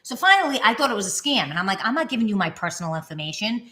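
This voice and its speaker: A woman's voice: medium pitch, very fast. A woman co-hosting a casual vlog, telling stories and acting out the people in them with a raised voice. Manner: animated, acts out quotes in raised voice. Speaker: vlog co-host. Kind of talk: casual storytelling chat. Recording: echoey room.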